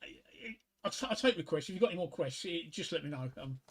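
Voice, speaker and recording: A man telling jokes on a casual livestream, halting and repeating his words often. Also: a little high, animated, husky.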